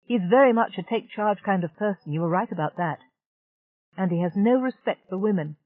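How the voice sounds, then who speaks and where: A woman's voice: mid-range voice, fairly quick, no echo, pitched above the performer's own voice, close to an everyday voice. A woman reading an audiobook, voicing a blunt, exasperated young woman who speaks frankly. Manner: frank and irritable. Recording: dry, tinny narrow-band audiobook.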